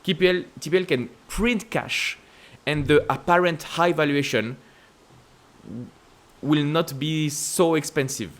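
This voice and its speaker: A man's voice: unhurried, fairly bright tone. French-accented man talking stocks. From France. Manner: emphatic, repetitive rhetorical questions with sudden upward pitch leaps. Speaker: investing channel host. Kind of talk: casual stock-market commentary to camera.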